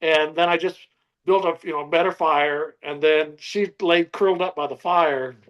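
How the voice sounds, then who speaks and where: Older man, interview guest, lively storyteller, slightly higher pitch. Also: moderate pace, muffled recording. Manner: animated storyteller, acts out his own quotes. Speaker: survivalist guest.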